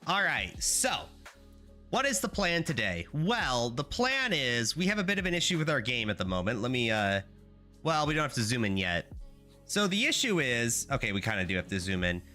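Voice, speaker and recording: A bright, lively male streamer chatting casually from his apartment. He talks through a sore throat, and his voice bounces all over with excitement as he breaks into high, playful greetings. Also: normal speed, soft background music. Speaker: game dev streamer. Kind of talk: casual live stream chat.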